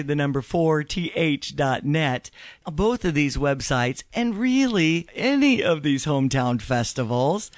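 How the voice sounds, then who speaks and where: A woman's voice: low voice, expressive, slow, no echo. A woman talks as a radio guest in a chatty, upbeat way. Her voice is close and dry, recorded at a studio mic. She talks with easy, friendly energy. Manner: chatty, upbeat, laughs often. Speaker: festival volunteer guest. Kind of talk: casual radio interview.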